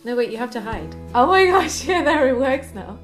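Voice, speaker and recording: A woman beauty vlogger talking through a makeup tutorial, bubbly and excitable in her chat and outro. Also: sits high, normal speed, faint music behind.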